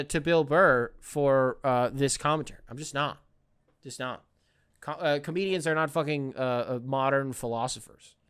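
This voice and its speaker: Man, podcast host, rambling, profane, swooping lively pitch, bright edgy tone. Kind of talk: casual solo commentary.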